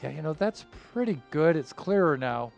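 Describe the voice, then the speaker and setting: A man streaming a game live, talking in an easygoing, rambling way with lots of fillers and soft chuckles. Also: on the high side, animated, moderate pace, vocal fry, faint music behind.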